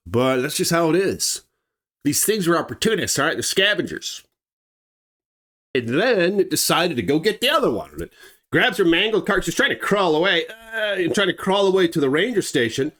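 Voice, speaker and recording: A man's voice: on the high side, big pitch swings, normal speed, a bit bright. A man telling a true wildlife attack story in a blunt, emphatic, conversational way. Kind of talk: dramatic true-story narration.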